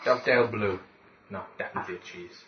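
A man's voice: lowish voice, fast talker, slight background noise. A man making dry, wry remarks as a player at a tabletop game. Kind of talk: casual game-table banter. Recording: echoey lo-fi room with chatter.

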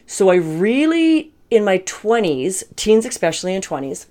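A middle-aged self-help vlogger gives a casual motivational talk to camera, candid and chatty, laughing often. Her mid-range voice is mellow, with big pitch swings, at a moderate pace.

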